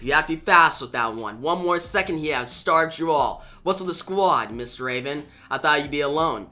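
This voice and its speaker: A comic reviewer reading out the lines of a stern male superhero guardian in a lower, quieter, measured voice. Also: expressive, faint music behind. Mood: serious.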